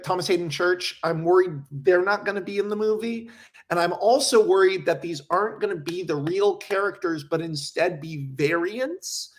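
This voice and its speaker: A young male streamer with a high voice chats casually on a livestream, reading viewer questions aloud. He rambles animatedly and swears a lot.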